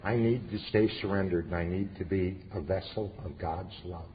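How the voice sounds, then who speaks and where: A man's voice: deep voice, moderate pace. A middle-aged man speaking at a recovery meeting, telling his personal story earnestly with flashes of dry humor. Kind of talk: personal testimony talk. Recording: echoey hall, dull lo-fi sound with faint hiss.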